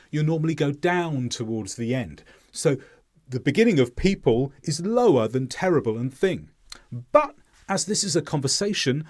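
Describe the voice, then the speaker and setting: A man teaching English pronunciation in a clear, deliberate explaining voice-over. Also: fairly high pitch.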